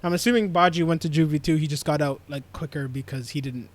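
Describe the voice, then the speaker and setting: A young man with a fairly high voice recaps an anime episode for a casual podcast. He tells it loosely and animatedly, slipping into the characters' lines in slang. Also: quick pace. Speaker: podcast co-host.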